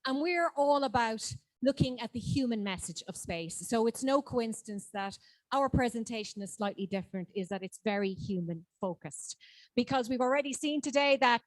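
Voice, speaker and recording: A woman's voice: a little high, expressive, normal speed, dry recording. A woman co-chair introducing a presentation, enthusiastic and upbeat, a little out of breath. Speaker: team project co-chair. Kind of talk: presentation speech.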